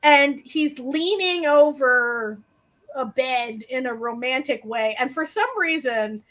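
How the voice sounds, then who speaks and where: A woman co-hosting a casual stream from home, telling stories animatedly with quick asides and frequent laughter. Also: high voice, a bit bright. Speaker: co-host of a colouring stream. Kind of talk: casual chat. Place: at home, dryer running nearby.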